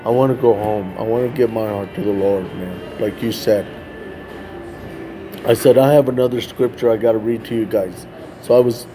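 A man with a mellow, warm voice gives his testimony as a street evangelist. He talks casually, with lots of "like" and "man," and acts out the people in his story. Faint music plays underneath. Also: mid-range voice.

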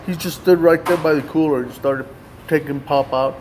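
A man telling a long personal story in a casual interview, animated and laughing as he acts out what everyone said. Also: fairly high pitch, moderate pace, slight background noise, low-quality recording. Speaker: guest telling his ministry story.

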